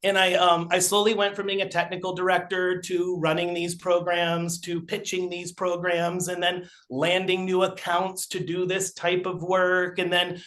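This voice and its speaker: Middle-aged guy with a pretty high voice, rambling through stories on a podcast, lots of ums. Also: normal speed, hardly any pauses. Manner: rambling, animated anecdotes with many fillers. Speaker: podcast guest. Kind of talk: casual storytelling.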